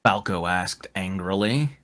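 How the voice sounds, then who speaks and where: Male narrator, comedic fanfic reading, steady, unhurried. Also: sits low.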